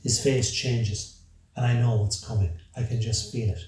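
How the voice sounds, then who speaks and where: A man narrating a dark first-person story in a measured, brooding, dramatic way. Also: medium pitch, steady tone, slight background noise. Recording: roomy, distant from the mic.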